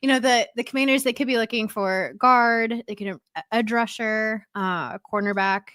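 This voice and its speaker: A woman's voice: fairly high pitch, moderate pace, fairly bright tone, clean tone, dry recording, clean studio sound. A woman co-hosting a casual football podcast, laughing often and ribbing her co-host. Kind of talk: casual sports chat.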